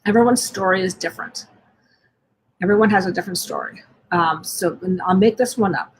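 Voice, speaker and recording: Over a live stream, a woman coaches parents gently, asking a run of questions and often restarting or rewording mid-sentence. Her mid-range voice moves a little fast.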